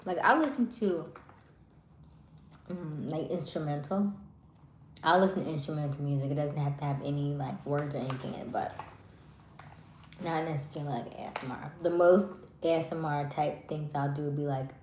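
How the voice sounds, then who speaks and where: A woman with a low voice chats casually with her live stream viewers, full of fillers. She speaks softly and lets her words trail off. The sound is roomy and echoey, with a faint hiss underneath. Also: steady tone, moderate pace, long pauses. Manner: chatty, many fillers.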